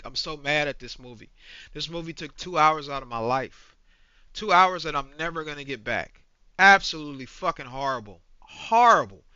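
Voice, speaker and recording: A man's voice: a little high, bright, forceful tone, smooth, no echo. A man in his forties ranting angrily in a profane, repetitive movie review. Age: 40s. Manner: ranting, profane, repeats himself. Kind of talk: angry reaction rant. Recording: dull lo-fi dry recording.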